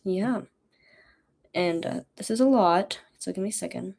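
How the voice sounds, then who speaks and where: Young woman, college student, study stream, chatty, rambling, self-mocking, mellow tone. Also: mid-range voice, measured pace, gravelly. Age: young adult.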